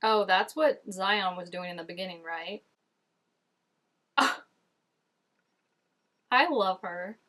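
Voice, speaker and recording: A woman's voice: mid-range voice, takes it slowly, long pauses, a bit bright. A woman hosting a reaction video, talking casually as she reacts to scenes and filling her speech with "like". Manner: chatty, frequent "like", reacting to scenes.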